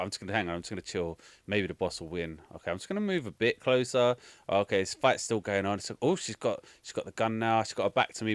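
A man voicing a dim henchwoman who mutters to herself as she idly watches a fight, in a low, lazy, unbothered voice. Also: dry recording, natural voice.

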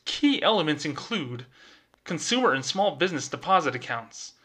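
A man's voice: fairly high pitch, sing-song, moderate pace, pushed and bright, slightly rough, full character voice. A man putting on a polished, formal professional voice to play a corporate bank executive reading out a letter. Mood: formal, measured.

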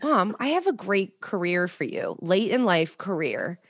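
A woman's voice: on the low side, sing-song, measured pace, breathy edge, no room sound, studio quality. A woman hosting a podcast, chatting casually and animatedly with lots of fillers and laughter. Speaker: podcast host. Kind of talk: casual chat.

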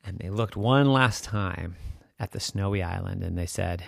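A man telling a bedtime story in a soft, sing-song way. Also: low-pitched, normal speed, creaky, no room sound, studio quality.

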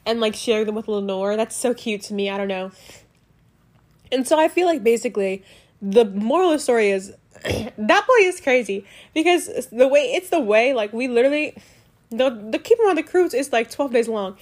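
A young woman chatting casually about a book she loved, rambling and excitable, full of "like" fillers, recorded on a home mic. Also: on the high side, normal speed. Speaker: book reviewer. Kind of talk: casual book review chat.

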